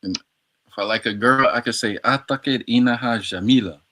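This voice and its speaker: A man's voice: mid-range voice, normal speed, sharp tone. A man on a casual livestream practicing Arabic words, repeating them over and over in a slangy, playful way. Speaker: streamer learning Arabic.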